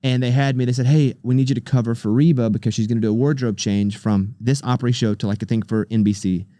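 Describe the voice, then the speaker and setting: Comedian guest, male, brisk storyteller, dry studio mic. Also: mid-range voice, no room sound. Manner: animated storyteller, voice rising with excitement. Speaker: guest, comedian and radio host. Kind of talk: casual storytelling chat. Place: podcast studio.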